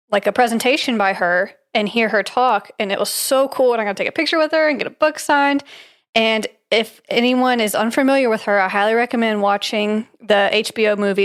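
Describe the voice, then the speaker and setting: A woman co-hosting a podcast, telling a story in a chatty, giggly way with lots of "like" and "um". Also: fairly high pitch. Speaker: podcast co-host. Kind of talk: casual storytelling chat.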